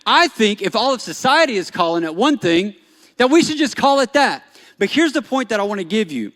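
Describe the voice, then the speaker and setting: A man preaching a sermon as pastor, shifting from animated emphasis to soft-spoken storytelling. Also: sits high, a little fast. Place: church stage.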